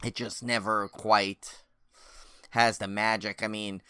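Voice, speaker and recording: Male podcast co-host, bright crisp voice, dry close sound, loose rambling delivery. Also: lowish voice, level tone, slow, no room sound. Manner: rambling, many restarts and fillers. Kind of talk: casual chat.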